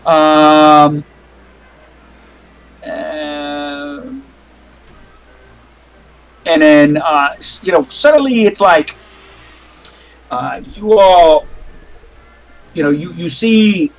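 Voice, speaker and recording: A man's voice: on the high side, very slow, pauses often, low-quality recording. A man narrating as game master over a call, rambling with restarts and casual swearing. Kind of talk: narrating a tabletop horror game.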